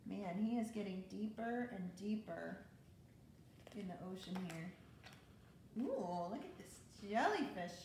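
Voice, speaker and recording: A woman music therapist reading a picture book aloud to children, gentle and expressive. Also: unhurried, pauses often. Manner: gentle, expressive, exclaiming storyteller. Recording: very echoey room with faint rumble.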